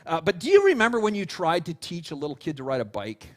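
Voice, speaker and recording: High-voiced pastor telling stories in a sermon. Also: male voice, quick pace. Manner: animated storytelling, acting out quotes; casual fillers and restarts.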